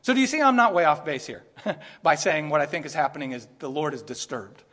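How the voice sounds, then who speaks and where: A man with a high voice preaches a sermon in a large room with a long, trailing reverb. He talks earnestly, climbs to emphatic peaks and then drops to quiet, low asides. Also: a little fast. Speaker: pastor.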